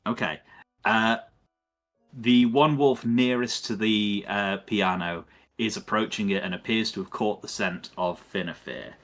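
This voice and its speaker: A man narrating as dungeon master, measured and descriptive, thinking aloud between rulings. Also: lowish voice, steady tone, a bit bright, faint music behind. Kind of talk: narrating a tabletop game.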